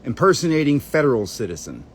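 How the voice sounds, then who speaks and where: This channel host's screen-share is a rambling monologue as he sifts through documents, muttering and cursing under his breath. He's husky and very animated, medium in pitch, and talks at a quick pace.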